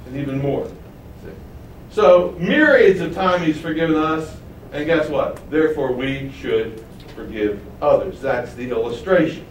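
A man preaching a sermon. He reads verses, explains them, and acts out the speakers in a higher voice. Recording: roomy echo, voice from a distance, faint background noise.

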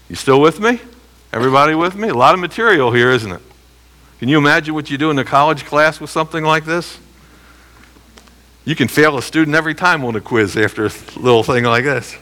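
A man teaching a Bible lesson verse by verse in a lively way, often checking that listeners are following. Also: mid-range voice. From United States. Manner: animated, keeps checking listeners with rhetorical questions.

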